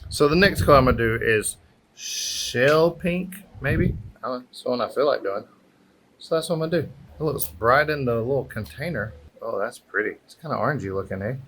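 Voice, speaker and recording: A man talks through a relaxed hands-on craft lesson, chatty and encouraging as he thinks out loud. He is outdoors on a breezy patio. The sound comes from the camera's own microphone. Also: mid-range voice, a little fast, slight background noise. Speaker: airbrush artist teaching a craft. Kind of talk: casual craft tutorial.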